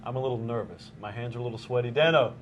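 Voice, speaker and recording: A young man hosting a casual talk show, joking and teasing his co-host in a deadpan way. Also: mid-range voice, very fast, slight background noise.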